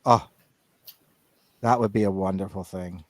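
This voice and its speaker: Podcast co-host, Northern Irish man, lowish voice, rambling casual talk. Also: fairly even intonation, unhurried, no room sound. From Northern Ireland. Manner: rambling, many restarts and "you know". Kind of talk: casual chat.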